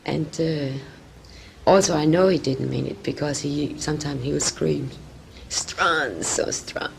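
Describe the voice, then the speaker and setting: Woman gravelly-voiced actress, halting speech. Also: sits low, fairly even intonation, warm tone. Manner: halting, searching for words, many restarts. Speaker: actress and director, interview guest. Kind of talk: casual interview talk. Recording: old interview tape with faint hiss.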